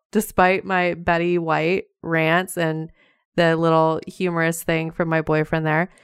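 A woman's voice: fairly low pitch, smooth, dry recording, clean studio sound. A woman hosting a podcast, chatting casually and laughing often as she talks straight to her listeners. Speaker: podcast host. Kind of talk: casual chat.

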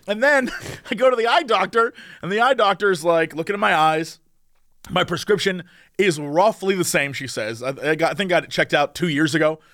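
A young man co-hosting a casual podcast, telling comic stories and doing quick impressions of the people he quotes. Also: sits high, a bit bright, no echo, studio quality. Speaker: podcast co-host.

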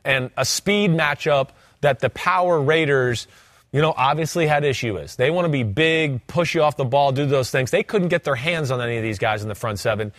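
A man's voice: mid-range voice, a little fast, no echo. A man who once played the game, co-hosting a casual sports talk show and acting out what players think. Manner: animated, acts out players' voices. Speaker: former player turned co-host.

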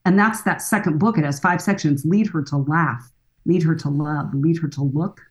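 Low-pitched and moderately paced, this woman in her sixties speaks as a podcast interview guest. A counselor and author, she comes across as earnest and emphatic.

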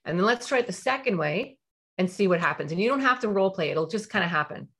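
Woman coaching parents, emphatic, repeats stuff for stress, mid pitch. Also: animated, quick pace, a bit bright. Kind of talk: explanatory coaching talk.

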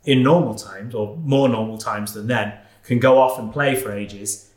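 A man's voice: lowish voice, normal speed, a little mellow, reverberant. A man co-hosting a podcast, easygoing and looking for agreement. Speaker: podcast co-host. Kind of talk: casual podcast chat.

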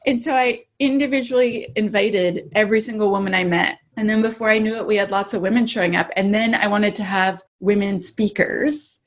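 Lively woman telling a story on a call. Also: mid-range voice, fairly quick, hardly any pauses. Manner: animated, acts out quoted voices, laughs often. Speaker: guest. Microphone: video call.

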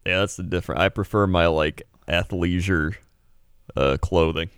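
A man co-hosting a casual podcast chat, talking in a halting way with many fillers. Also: sits low, steady tone, a bit bright, smooth, no room sound, studio quality. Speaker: podcast co-host.

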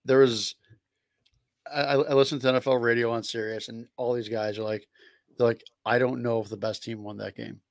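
A man's voice: medium pitch, flat delivery, a little fast, creaky, no echo, studio quality. A man co-hosting a casual podcast chat, throwing in wisecracks.

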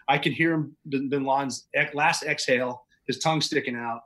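Bright-voiced man telling a story. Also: medium pitch, steady tone, normal speed, rough recording. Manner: vivid, matter-of-fact recounting with occasional chuckles. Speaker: podcast guest. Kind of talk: casual spoken storytelling.

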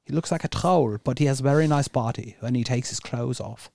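A man's voice: medium pitch, brisk, creaky, darkish tone, dry recording. A man co-hosting a podcast, chatting casually with rambling, crude jokes. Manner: joking, rambling, crude humor. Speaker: podcast co-host. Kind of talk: casual chat.

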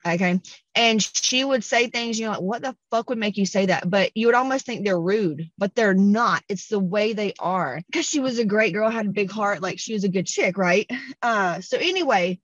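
A woman's voice: medium pitch, moderate pace, dry recording, highs cut off. Blunt, profane Southern woman host. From American South. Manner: blunt, profane, animated, puts on voices for quotes. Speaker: podcast host. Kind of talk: casual storytelling monologue.

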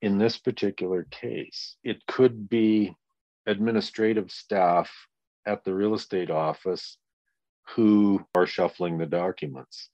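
A man's voice: on the low side, steady tone, slow pace, warm tone, no echo, highs cut off. A man in his sixties, a grieving father giving a blunt, profane interview and acting out the people he quotes. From Canada. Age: 60s. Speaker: guest, victim's father. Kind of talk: candid interview.

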